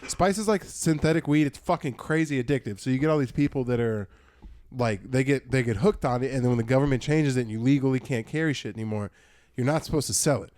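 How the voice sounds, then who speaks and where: A young man tells a long, meandering story on a podcast, swearing freely and restarting his sentences. His voice sits at an ordinary middle pitch. The sound is close and completely dry, with no room around it. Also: fast, a little mellow, dry recording. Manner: rambling, swears a lot, restarts often. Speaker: podcast co-host. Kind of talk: casual podcast chat.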